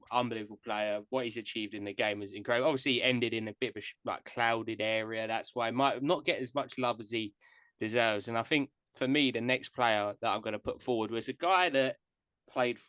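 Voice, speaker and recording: A man's voice: mid-range voice, fairly quick, a bit bright, no room sound. A man hosting a casual podcast chat, an enthusiastic and self-deprecating fan of the players he discusses. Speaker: podcast host. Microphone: podcast mic on live stream.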